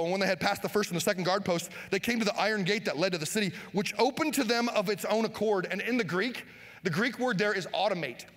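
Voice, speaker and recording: A pastor preaching a sermon, animated, acting out Bible scenes and shouting for emphasis. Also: male voice, sits high. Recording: long hall reverb.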